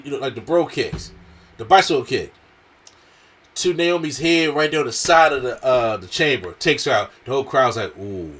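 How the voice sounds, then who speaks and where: A man's voice: medium pitch, fairly bright tone. A man reviewing a wrestling show in casual slangy talk, with a strained throat, acting out what the wrestlers said.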